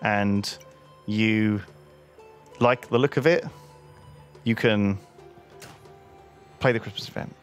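A man's voice: lowish voice, fairly even intonation, slow, long pauses, faint music behind. A British man chatting about a game while playing, rambling and self-deprecating. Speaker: streamer. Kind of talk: gaming chat.

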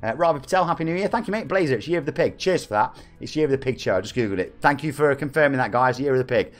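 An English game streamer in his 40s chats and jokes with viewers during a live stream, reading out their messages. His mid-range voice is expressive and races along.

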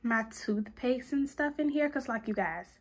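Young woman chatting away while she organizes, slangy and animated, kinda high voice, echoey bathroom. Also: a little slow, noisy background. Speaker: lifestyle vlogger. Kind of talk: casual organizing vlog chat. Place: bathroom at home.

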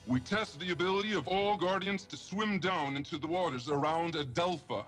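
An actor playing a young, earnest alien guardian in a video game, speaking formally and with measured care. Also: male voice, on the high side, fairly bright tone, natural voice. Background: game music.

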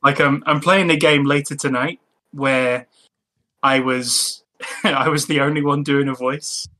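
A young man talks casually as a podcast guest. His voice is bright and forward, and his pitch sits in the middle range. He laughs often and breaks off into restarts mid-sentence. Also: steady tone, unhurried, slight background noise. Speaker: podcast guest, game master.

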